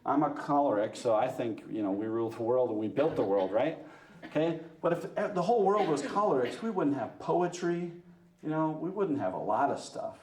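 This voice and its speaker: A man speaks to a church group with a lively, joking manner, often teasing himself and turning questions to the listeners. His voice sits at a middle pitch. The room around him rings with a roomy echo. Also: moderate pace, recorded from a distance. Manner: lively, joking, self-mocking, asks the audience. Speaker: parish speaker. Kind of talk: talk to a women's church group.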